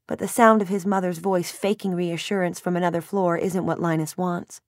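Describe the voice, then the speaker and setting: A woman's voice: lowish voice, steady tone, moderate pace, few pauses, dry recording, studio quality. A woman in her thirties narrating a first-person novel in a wry, self-mocking, emotional way. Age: 30s. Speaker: audiobook narrator.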